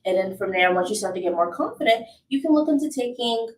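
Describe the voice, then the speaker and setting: A woman's voice: a little high, animated, fast, a little hiss or hum. Woman voice actor, talkative and easygoing; roomy, echoey sound from a distance. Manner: chatty, laughs often, says "you know" a lot. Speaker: voice actor guest. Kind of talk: casual interview chat. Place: live event in a house. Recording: echoey room, distant mic.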